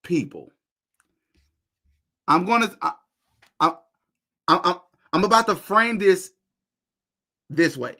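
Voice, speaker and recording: Male podcast host, high bright voice, animated and direct with the audience. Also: slow, long pauses. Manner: animated, talks to viewers directly, repeats phrases while searching. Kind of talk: casual commentary while reacting to a video.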